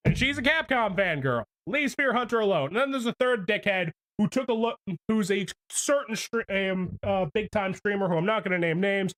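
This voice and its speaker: A man's voice: high voice, normal speed, few pauses, fairly bright tone. Profane ranting young male streamer. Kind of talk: casual livestream commentary.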